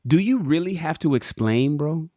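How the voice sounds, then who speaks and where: A man's voice: fairly high pitch, moderate pace, no room sound, clean studio sound. A man hosting a livestream, reading a book aloud and breaking off to curse and talk straight to his chat. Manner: profane, animated, talks straight to viewers and chat. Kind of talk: casual livestream reading with commentary.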